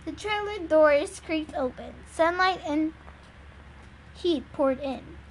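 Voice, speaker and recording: A woman's voice: sits high, animated, takes it slowly, background noise. A woman reading a novel aloud in an earnest, plain storytelling manner. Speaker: reader.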